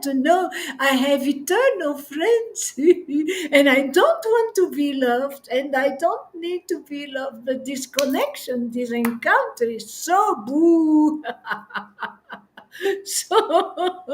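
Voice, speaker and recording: A woman with a high voice gives a devotional talk at an unhurried pace. She laughs often as she speaks, and her delivery turns tearful and effusive. She speaks like a spiritual teacher addressing followers. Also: expressive.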